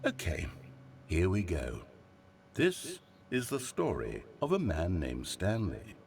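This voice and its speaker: A theatrical, wistful game narrator. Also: male voice, low voice, huge pitch swings, slow pace, gravelly, darkish tone, slight background noise, exaggerated voice. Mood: reflective. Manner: lilting, dramatic, swooping delivery. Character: wistful, theatrical male narrator, grandly nostalgic.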